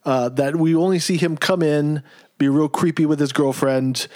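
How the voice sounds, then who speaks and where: A man's voice: on the high side, fairly even intonation, normal speed, a little mellow. A man co-hosting a podcast, chatting casually and making sarcastic jokes, often laughing as he talks. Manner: joking, laughing, sarcastic asides. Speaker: podcast co-host. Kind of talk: casual chat.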